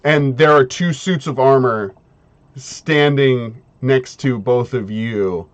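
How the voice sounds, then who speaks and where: A man narrating as game master of a tabletop game, talking in halting bits with many fillers and restarts. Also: mid-range voice, lo-fi sound.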